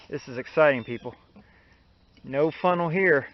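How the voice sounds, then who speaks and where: A man's voice: mid-range voice, lively intonation, a little slow, lo-fi sound. A man vlogging in a casual, folksy way, chatting straight to his viewers about chores around the house. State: out of breath at times. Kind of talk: casual home vlog.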